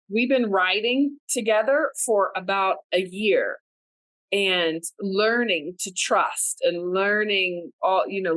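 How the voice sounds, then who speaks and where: A woman co-hosting a podcast, telling a personal story in casual chat, animated and laughing, with many "like" fillers. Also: mid-range voice, no room sound, rough recording. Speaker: podcast co-host.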